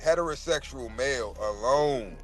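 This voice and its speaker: A man's voice: medium pitch, moderate pace, faint music behind. A man in casual podcast talk, speaking emphatically and animatedly, swearing freely as he makes his points. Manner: animated, emphatic, profane storytelling. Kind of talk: casual chat.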